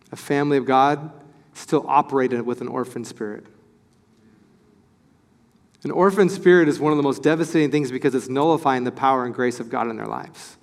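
A male pastor preaching a sermon in an animated, excited way, acting out the voices he quotes. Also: medium pitch, big-room sound.

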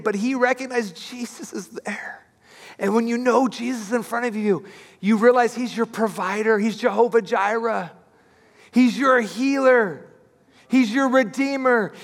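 A man preaching an Easter sermon as pastor, telling the story with lively acted-out voices and swinging between hushed and loud. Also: extremely high pitch, in a large hall.

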